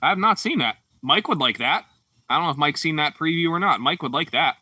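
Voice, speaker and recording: Laid-back bright-voiced man streaming. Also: fairly high pitch, expressive, a little fast, no room sound, far from the mic. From Pittsburgh, Pennsylvania. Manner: laid-back, rambling, frequent fillers. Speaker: livestream host. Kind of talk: casual livestream chat reading comments.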